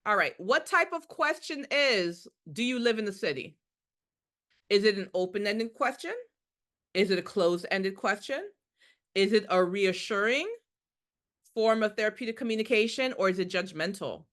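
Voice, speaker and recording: A woman's voice: medium pitch, lively intonation, normal speed, fairly bright tone. A woman who is a nursing instructor leading a live quiz review, emphatic and repeating her key points with rhetorical questions.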